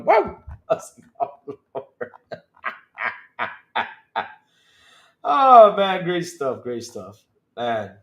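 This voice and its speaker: Animated, laughing male podcast host. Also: mid-range voice. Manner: animated, laughs often, repeats phrases, swears casually. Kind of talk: casual livestream chat reacting to chat comments.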